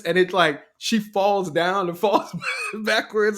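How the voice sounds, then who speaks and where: A man co-hosting a podcast, talking casually and getting animated and laughing as he recounts scenes. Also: sits high, a little slow. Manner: animated, laughs often, gets excited. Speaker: podcast co-host.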